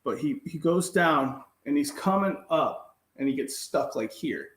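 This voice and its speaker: A man's voice: a little high, animated, a little slow, a bit bright, echoey room. A man co-hosting a podcast, chatting casually and acting out quotes in his stories, swearing freely. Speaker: podcast co-host. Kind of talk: casual chat, storytelling.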